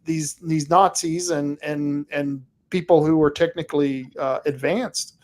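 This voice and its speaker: Male podcast host, high voice, attentive and conversational, asks meandering questions. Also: fairly even intonation, a little slow. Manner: attentive, reactive, with long thoughtful questions. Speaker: interview host. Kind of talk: casual interview chat.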